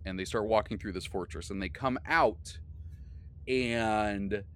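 A man's voice: on the low side, unhurried, a bit bright, a little hiss or hum. A man recapping a tabletop game session as its game master, in casual rambling talk full of fillers and self-corrections. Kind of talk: casual podcast storytelling.

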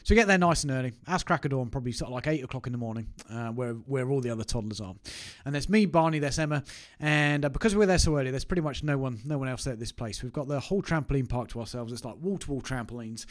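A man, talking straight to camera in a loose, conversational way. He tells the story with self-mocking asides. His voice sits at an ordinary middle pitch. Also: quick pace, few pauses. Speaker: business owner vlogger. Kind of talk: casual anecdote to camera.

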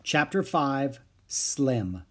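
A man's voice: mid-range voice, extremely slow. A man narrating a children's chapter book aloud. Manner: lively expressive reading. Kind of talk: storybook read-aloud.

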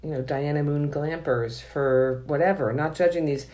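Low-pitched woman guest, rambly and excited, keeps restarting her sentences. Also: normal speed. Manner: enthusiastic, rambling, many restarts. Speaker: author and podcast guest. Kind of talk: casual book discussion.

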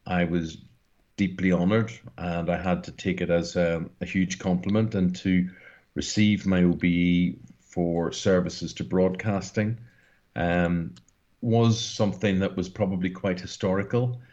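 A man's voice: low-pitched, fairly even intonation, measured pace, a little mellow, lo-fi sound. A Northern Irish man in his sixties speaking as an interview guest, talking in an earnest, emphatic and rambling way. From Northern Ireland. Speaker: guest broadcaster. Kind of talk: casual interview talk.

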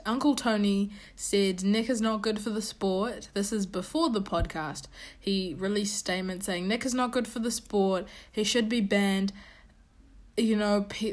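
A woman giving her opinions on tennis in a casual, animated and opinionated monologue that rambles with restarts. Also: mid-range voice. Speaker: tennis commentator.

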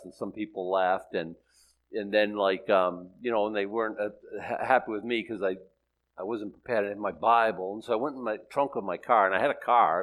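A man's voice: fairly low pitch, poor audio. Older man preaching. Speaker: bible teacher. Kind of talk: sermon and storytelling.

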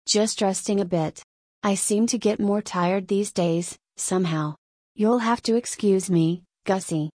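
A woman's voice: mid-range voice, darkish tone, no room sound, close to an everyday voice. Woman reading as a weary, fussy man. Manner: tired and yawning, then briskly cheerful. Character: weary, fussy middle-aged man, gadget maker.

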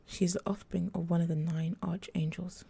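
Woman doing a hushed, commanding male angel. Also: lowish voice, steady tone, a little fast, gravelly, husky, full character voice. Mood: cold, commanding.

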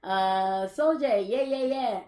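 A woman's voice: a little high, slow pace, warm tone, echoey room, recorded from a distance. A young woman hosting a casual live podcast, chatting, laughing often and greeting viewers by name. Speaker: podcast host. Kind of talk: casual live-stream chat.

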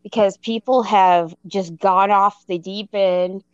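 A woman in her thirties, co-hosting a casual chat, telling a story in an animated, self-mocking way and laughing as she goes. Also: medium pitch, takes it slowly, clean tone, no echo, lo-fi sound. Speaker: podcast co-host.

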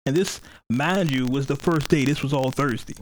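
A man's voice: medium pitch, moderate pace, poor audio. A man hosting a podcast in casual chat, rambling and cursing, often laughing as he retells things. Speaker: podcast host.

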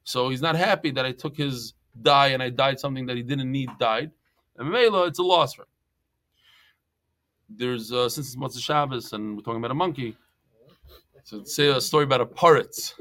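A man teaching a Talmud class, lively and joking as he tells stories and mixes in Hebrew and Yiddish terms. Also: medium pitch, normal speed.

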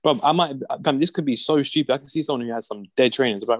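A man's voice: mid-range voice, lively intonation, quick pace, no echo. A young man chats in loose, slangy banter and laughs easily. His voice sits in an ordinary middle range. The recording is close and dry, with no room sound. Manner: laid-back slangy banter, laughs often. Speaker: podcast co-host. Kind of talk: casual chat.

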